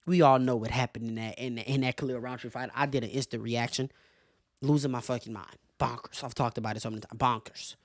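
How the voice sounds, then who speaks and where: A man hosting a casual sports commentary show, animated and profane, laughing often as he makes his case. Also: mid-range voice, fast talker, no room sound, clean studio sound. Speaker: show host.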